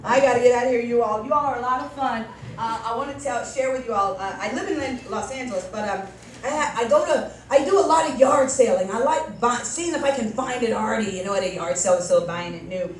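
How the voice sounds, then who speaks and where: A woman's voice: fairly high pitch, fast. A woman comic doing a stand-up set on stage, telling rambling, self-mocking stories and acting out the dialogue. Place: comedy club stage before a live audience. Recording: echoey room, mic some distance off, audience noise.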